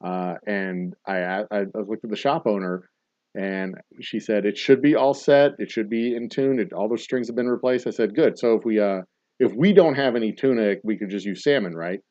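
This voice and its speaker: A man's voice: on the low side, normal speed, warm tone, dry recording. A man hosting a casual trivia night, reading out answers and rambling into dad jokes and asides. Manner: jokey, rambling dad-joke storyteller. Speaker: trivia host. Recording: dull, dry lo-fi sound.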